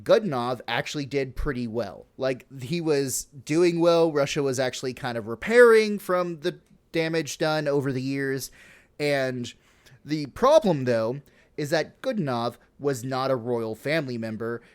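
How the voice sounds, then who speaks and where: A man's voice: medium pitch, lively intonation, measured pace. A man hosting a podcast, casually retelling history with lots of swearing, laughs and fillers. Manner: profane, laughing, full of fillers. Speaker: podcast host.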